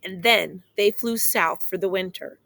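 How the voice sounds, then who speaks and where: Gravelly-voiced woman reading a children's story. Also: medium pitch, unhurried. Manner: playful, expressive read-aloud that speaks straight to young listeners. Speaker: storyteller reading a picture book aloud. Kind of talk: children's story read-aloud.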